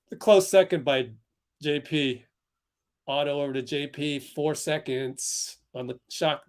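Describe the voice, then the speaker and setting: A man's voice: on the high side, fairly even intonation, takes it slowly, pauses often. A young man hosting a live basketball watch-along stream, talking in a heated, exasperated way with frequent laughs and sighs. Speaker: livestream host.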